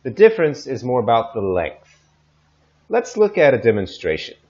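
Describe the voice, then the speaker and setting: A man teaching pronunciation, slowly modeling example phrases into a desk microphone. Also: mid-range voice, huge pitch swings, darkish tone, muffled recording. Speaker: English teacher. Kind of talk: pronunciation lesson. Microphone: desk microphone recorded in audio software.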